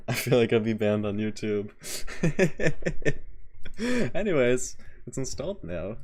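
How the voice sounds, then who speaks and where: Excitable male game streamer. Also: mid-range voice, takes it slowly. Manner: excitable, joking, reacting to chat. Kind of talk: casual live-stream chat.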